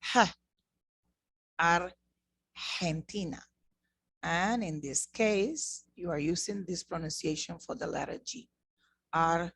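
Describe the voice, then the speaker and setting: A woman's voice: lowish voice, expressive, moderate pace, vocal fry, a little hiss or hum. A woman teaching an online Spanish lesson, speaking patiently and repeating words to model their pronunciation. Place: class produced in the Bahamas.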